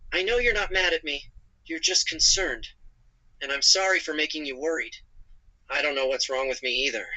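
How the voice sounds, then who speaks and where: A synthetic male voice as a gentle AI companion. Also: fairly high pitch, rough recording. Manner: calm, apologetic, narrates own actions.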